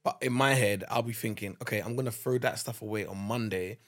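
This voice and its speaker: A man's voice: fairly low pitch, brisk. A man co-hosting a casual couple's podcast, explaining his point through everyday household examples in an easygoing way. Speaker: podcast co-host.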